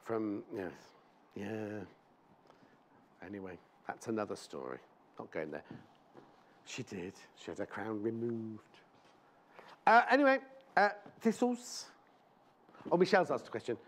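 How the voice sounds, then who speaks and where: A man's voice: on the low side, very animated, a little slow, long pauses, a little hiss or hum. A man presenting a live shopping show in a TV studio, chatting in rambling anecdotes and speaking fondly to viewers.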